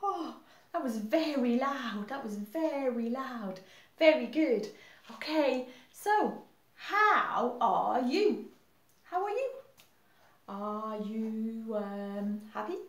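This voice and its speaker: A woman teaching English to young children, leading songs and simple questions in a slow, cheerful teacher voice. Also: high-pitched, lively intonation, reverberant. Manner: slow, cheerful teacher talk, switching to song and whispers.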